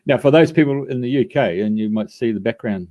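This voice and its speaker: A man's voice: mid-range voice, brisk, warm tone. A man hosting a live radio show, introducing a guest in a rambling way with many fillers. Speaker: radio host.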